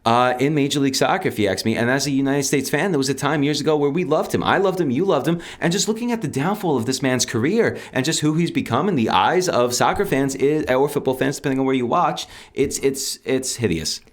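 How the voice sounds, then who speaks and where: A man co-hosting a casual sports podcast, ranting in an animated, exasperated way with big jumps in pitch. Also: a little fast, hardly any pauses. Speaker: podcast co-host.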